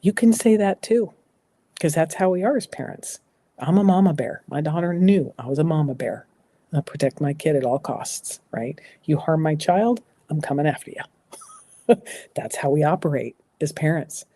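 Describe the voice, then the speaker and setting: A woman's voice: low-pitched, expressive, normal speed. A middle-aged American woman giving earnest, emphatic advice as a talk show guest, repeating phrases for emphasis. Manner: emphatic, repeats phrases, drops to a soft voice for reassuring lines. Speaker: guest speaker.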